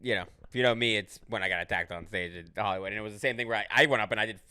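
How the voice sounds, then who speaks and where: Fast-talking bright low-voiced man. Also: clean tone. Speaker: host. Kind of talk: casual chat.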